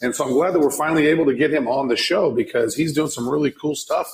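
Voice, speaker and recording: A man's voice: on the high side, fast talker, slight background noise, poor audio. A man co-hosting a casual podcast, teasing his partner and joking about himself. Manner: self-mocking, playful teasing. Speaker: podcast co-host.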